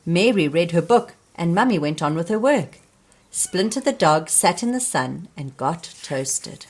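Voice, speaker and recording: Slow, expressive woman reading to children. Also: on the low side. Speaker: storybook reader.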